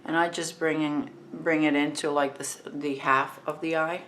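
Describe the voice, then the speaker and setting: A woman in her fifties with a New Jersey accent, talking through a makeup tutorial in a relaxed, chatty way while she works. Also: low voice, normal speed, slight background noise. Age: 50s.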